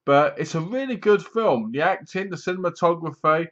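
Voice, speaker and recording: A man's voice: fairly high pitch, lively intonation, moderate pace, fairly bright tone. A man giving a casual, rambling film review from home, retelling scenes with acted-out lines and bursts of laughter. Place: home room, seated in a squeaky chair. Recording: dull lo-fi home recording.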